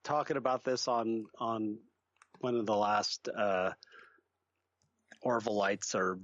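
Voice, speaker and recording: A man co-hosting a casual podcast, rambling and animated, swearing casually. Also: fairly low pitch, slow pace, no echo, highs cut off. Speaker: podcast co-host. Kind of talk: casual chat.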